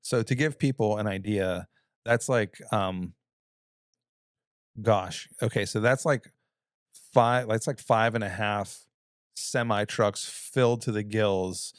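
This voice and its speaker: A man's voice: fairly low pitch, slow pace, pauses often, no room sound, clean studio sound. A man hosting a casual talk show, asking curious questions with playful asides. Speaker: podcast host. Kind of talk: casual chat.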